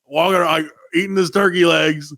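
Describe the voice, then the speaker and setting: A man's voice: a little high, moderate pace, dry recording, clean studio sound. A middle-aged man and father telling a comic story on a podcast, swearing freely and acting out the people in it. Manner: profane, animated anecdote-telling with quoted voices. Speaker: podcast co-host. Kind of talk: casual comedic storytelling.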